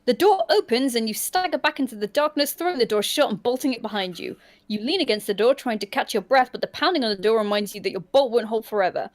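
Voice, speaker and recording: A woman hosting a livestream, reading a choose-your-own-adventure book aloud in an animated way and often laughing. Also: fairly high pitch, fast talker. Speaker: storyteller and host.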